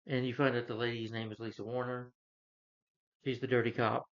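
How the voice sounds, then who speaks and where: Talking a little fast, this man keeps his mid-range voice mostly level in pitch as he rambles through a TV season recap for his video channel. He leans on fillers like "you know" and "he's like" when retelling scenes. The audio is lo-fi and a bit dull.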